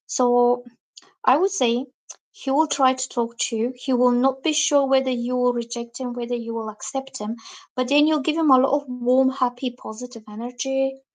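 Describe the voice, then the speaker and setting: A woman reading tarot cards on a live stream. She chats with her viewers, reads their comments out, and explains each card. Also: high voice. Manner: lively, acts out quoted reactions. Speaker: tarot reader.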